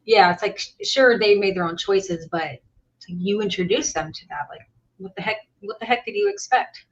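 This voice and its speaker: A woman host talks in a relaxed, conversational way. She makes her points bluntly and without fuss. The audio is a little dull and lo-fi. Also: mid-range voice, normal speed. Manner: blunt, matter-of-fact commentary. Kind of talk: casual reaction chat.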